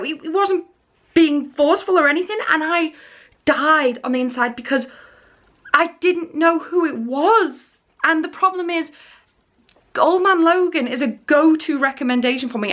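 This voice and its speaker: A young woman vlogging casually, telling a story in a chatty, animated way with nervous laughs and restarts. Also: sits high.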